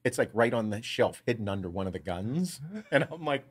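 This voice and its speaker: A man co-hosting a podcast, telling a lively family story with lots of swearing and laughter. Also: on the low side, a little fast, slightly rough. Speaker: podcast co-host. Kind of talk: casual storytelling.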